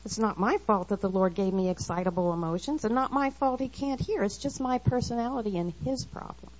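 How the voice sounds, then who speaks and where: A woman's voice: medium pitch, brisk, a little mellow. A middle-aged woman giving an earnest, confessional devotional talk to women and quoting scripture. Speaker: women's Bible study speaker. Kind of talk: devotional talk read aloud. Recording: slightly dull lo-fi recording.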